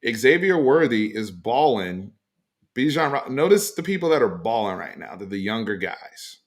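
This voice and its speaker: A man hosting a casual sports talk show, giving emphatic opinions in a loose, animated way with frequent fillers. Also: medium pitch, moderate pace. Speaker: sports podcast host.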